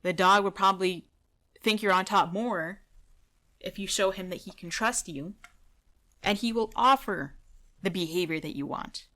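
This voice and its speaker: A woman's voice: mid-range voice, moderate pace, long pauses, bright, forceful tone. A woman dog trainer giving blunt, indignant commentary on a training video and telling a story from her own work in a casual, opinionated way.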